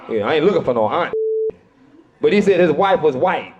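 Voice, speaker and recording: Performing stand-up, an easygoing middle-aged man talks loosely and conversationally, tossing in frequent asides. His slightly high voice is expressive and quick, though the audio is dull and very noisy.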